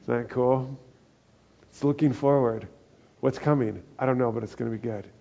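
A man's voice: medium pitch, normal speed, creaky, mellow, lo-fi sound. A man preaching a sermon as pastor, earnest and building to emphatic peaks.

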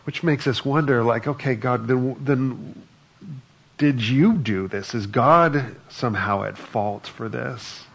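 A man's voice: medium pitch, takes it slowly, gravelly, husky. A man preaching a sermon in a conversational way, reading scripture aloud between his own remarks. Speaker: pastor.

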